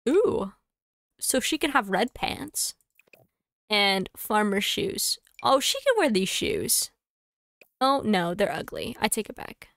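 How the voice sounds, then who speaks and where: A woman streamer chatting casually to herself and her audience while playing a game, thinking aloud with quick asides. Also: medium pitch, very animated, a bit bright, no echo, studio quality.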